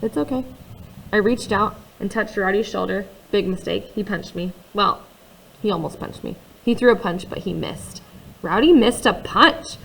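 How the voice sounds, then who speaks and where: A woman narrating a first-person novel in a quiet, confiding way, with conversational asides to the listener. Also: mid-range voice, moderate pace, gravelly, a little hiss or hum, rough recording. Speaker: audiobook reader.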